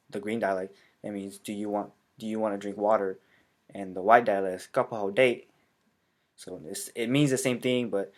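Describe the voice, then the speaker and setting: A man with a somewhat low voice, a native Hmong speaker, explains things in a relaxed, conversational way. He pauses often and fills the gaps with hesitant filler sounds as he works through his points. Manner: halting, with frequent filler sounds. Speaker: language explainer. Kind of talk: casual explanatory talk.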